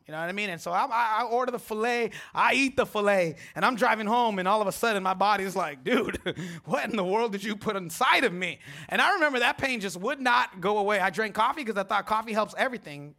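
A man's voice: very high-pitched, sharp tone. A man in his forties preaching a sermon as pastor, telling a funny personal story, acting out the voices and laughing often. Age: 40s.

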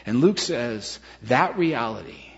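Husky male pastor in a reverberant hall. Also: mid-range voice, slow pace. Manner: animated, self-deprecating, dropping to hushed tones for serious moments. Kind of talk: sermon storytelling. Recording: dull lo-fi sound with long hall reverb.

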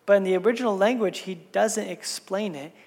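A woman's voice: mid-range voice, brisk, a little mellow. Woman pastor preaching in a reverberant hall. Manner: conversational storytelling with casual asides. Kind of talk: sermon. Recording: long reverb in a large hall.

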